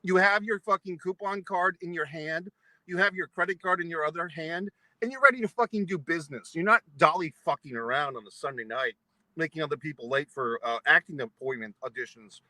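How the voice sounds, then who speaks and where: A man's voice: on the high side, fairly quick, sharp tone, dry recording, low-quality recording. A man from New England ranting at length, angry and profane, in a vlog monologue. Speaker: vlogger. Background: eating pizza.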